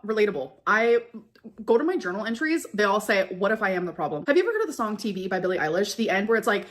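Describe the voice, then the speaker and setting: A woman with a mid-pitched voice who rambles happily from one thought to the next. She chats casually as a stream host. Her tone stays bubbly and loose. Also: big pitch swings, quick pace. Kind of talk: casual chat.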